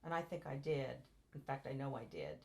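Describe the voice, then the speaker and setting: An older American woman with a notably low-pitched voice, sharing memories with her grown child. She wanders from story to story, breaking off mid-sentence and circling back as details come to her. Her tone stays conversational and unhurried. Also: big pitch swings, gravelly, slight background noise. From United States. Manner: rambling, meandering recollection with restarts. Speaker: interviewee, mother. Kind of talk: reminiscing in a family oral-history interview.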